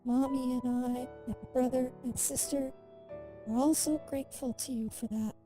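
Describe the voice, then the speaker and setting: Woman doing a quiet gentle guy, soft and calm, mellow. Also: sits high, normal speed, faint music behind, lightly acted. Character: quiet, gentle immortal man.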